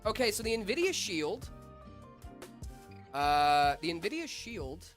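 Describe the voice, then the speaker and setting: Lively young man, voice a bit rough. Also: high voice, takes it slowly, faint music behind. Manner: chatty, rambling with fillers and asides to chat. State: voice slightly off after being sick. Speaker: stream host. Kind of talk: casual livestream tech chat.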